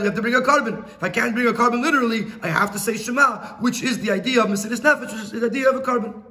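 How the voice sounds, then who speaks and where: Bright high-voiced rabbi teaching a class. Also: male voice. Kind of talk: Torah lesson explaining a text.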